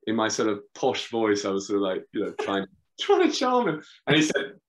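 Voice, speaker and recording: A man's voice: fairly low pitch, very animated, fairly quick, fairly bright tone. A British man, a podcast guest, telling showbiz stories as a raconteur who acts out the quotes. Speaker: guest director. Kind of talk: casual storytelling chat.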